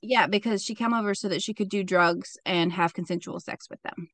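A woman's voice: medium pitch, a little fast, a bit bright, dry recording. Chatty profane woman telling a crime story. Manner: chatty and profane, with frequent "like" fillers. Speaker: podcast host. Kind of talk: casual true-crime storytelling.

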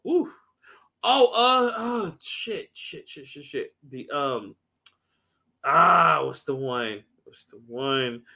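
A man co-hosting a casual podcast, animated and laughing often as he acts out movie lines. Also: a little high, slow, vocal fry. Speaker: podcast co-host. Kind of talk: casual chat.

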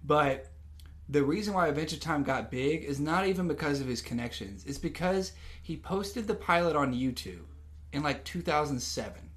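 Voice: mid-range voice, expressive, normal speed. A podcast co-host in casual chat, eagerly sharing fun facts from prepared notes.

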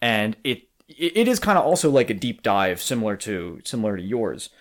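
A man's voice: lowish voice, animated, fairly quick. Easygoing, chuckling man hosting a podcast. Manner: easygoing, laughs a lot, many fillers. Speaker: podcast host. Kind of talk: casual chat.

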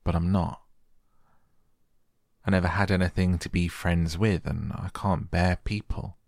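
A frail, excitable young boy from a storybook, read by a man. The voice sits low with a gravelly edge and little rise and fall, and it is soft-spoken and eager. It sounds dry and close, with no room around it. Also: unhurried, no echo, full character voice. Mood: wistful.

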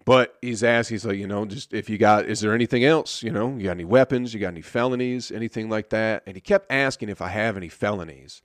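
A man's voice: lowish voice, quick pace, few pauses, no room sound, clean studio sound. A man, a stand-up comedian, telling a story in a laid-back, rambling way full of swearing. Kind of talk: casual storytelling.

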